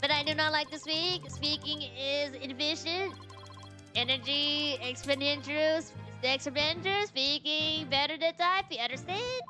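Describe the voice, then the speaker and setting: A woman voicing a terse male bomb disposal expert who talks in a clipped, flat, mechanical way. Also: sits high, unhurried, music in the background, pitched above the performer's own voice. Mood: robotic.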